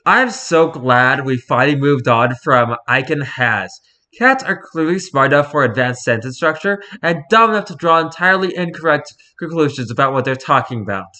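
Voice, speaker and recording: A man's voice: a little high, animated, normal speed, bright, forceful tone. A man hosting a casual video, reading posts aloud with wry, playful asides. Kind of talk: casual commentary.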